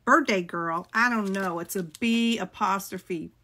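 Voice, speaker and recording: A woman's voice: medium pitch, measured pace, pushed and bright. A middle-aged woman, chatting casually with viewers as she shows off a craft haul, gushing and greeting people by name. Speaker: crafting video host.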